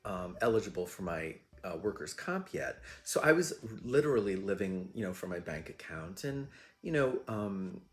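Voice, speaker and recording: Deep-voiced and sing-song, this show host talks at a moderate pace. He rambles through self-deprecating anecdotes in a chatty monologue packed with fillers.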